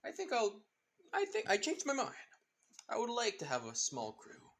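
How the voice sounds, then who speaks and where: A man's voice: extremely high pitch, wildly swooping pitch, moderate pace, vocal fry, background noise, voice pushed up, exaggerated voice. A man doing a swaggering pirate captain. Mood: frantic. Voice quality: clumsy put-on pirate accent drifting Scottish. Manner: rambling, searching for words mid-line.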